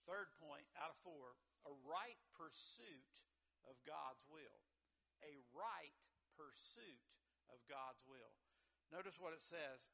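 Bright-voiced preacher man. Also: fairly high pitch. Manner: earnest preaching, swings between loud emphasis and quiet asides. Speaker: pastor. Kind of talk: sermon.

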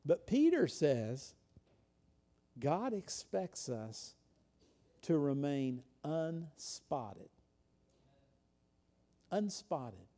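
A man preaching a sermon in a conversational way, asking frequent rhetorical questions and swinging from loud to hushed. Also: on the high side, very animated, very slow, long pauses. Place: church.

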